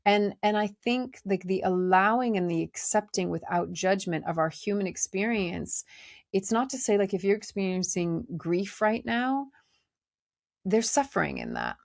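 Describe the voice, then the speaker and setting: A woman hosting a podcast, speaking in a gentle, conversational way with many fillers as she reflects on inner life. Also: medium pitch, big pitch swings, normal speed, gravelly, no room sound, clean studio sound. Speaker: podcast host. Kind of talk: reflective spiritual talk.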